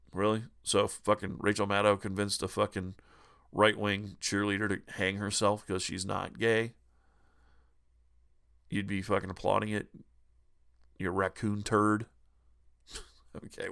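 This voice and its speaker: A man's voice: fairly low pitch, fairly even intonation, normal speed, gravelly, pauses often, a bit bright. A man hosting a retro gaming news vlog who rants about the news in a profane, sarcastic way. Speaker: retro gaming channel host.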